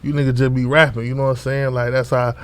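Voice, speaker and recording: Laid-back young man with flat delivery. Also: medium pitch, fast, background noise. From Orlando, Florida. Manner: loose, repetitive, street slang, frequent fillers. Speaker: rapper guest. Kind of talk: casual interview talk.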